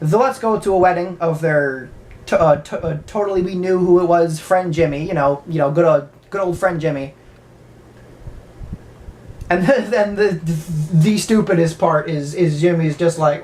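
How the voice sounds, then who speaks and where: A woman's voice: lowish voice, normal speed, darkish tone, slight background noise. A woman casually recapping a horror movie, rambling, stammering often and swearing freely. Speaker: movie reviewer.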